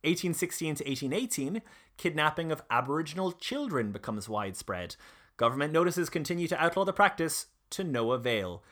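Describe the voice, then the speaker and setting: A man's voice: a little high, big pitch swings, fairly quick, fairly bright tone. A man presenting history in a casual conversation, reading out passages, with many fillers and restarts. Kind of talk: casual podcast chat.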